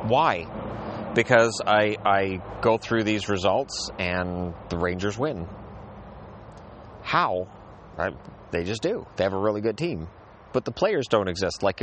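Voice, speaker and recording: A man with a lowish voice talks in a loose, rambling monologue, circling back over the same phrases. He sounds like he is outside in a backyard, with faint traffic somewhere in the background. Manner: rambling, repeats phrases, restarts sentences. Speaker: podcast host. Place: outdoors in a backyard.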